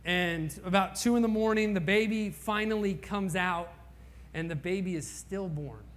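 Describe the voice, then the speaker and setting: A man in his thirties from Indiana preaching a sermon through personal stories, impassioned, swinging from hushed lines to near-shouts. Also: normal speed. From Indiana, USA. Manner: impassioned storytelling, rising to near-shouts at high points.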